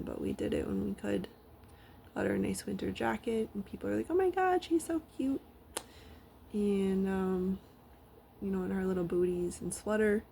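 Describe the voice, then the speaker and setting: Gravelly-voiced woman chatting casually. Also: mid-range voice, a little hiss or hum. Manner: rambling, frequent fillers, drops into soft whispers. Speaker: vlogger. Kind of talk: casual personal storytelling. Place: at home with her dog.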